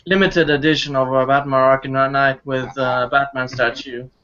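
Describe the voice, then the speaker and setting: A man's voice: medium pitch, little pitch movement, moderate pace, fairly bright tone, highs cut off. A man hosting a casual gaming podcast, moving the talk between topics with many fillers. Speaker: podcast host.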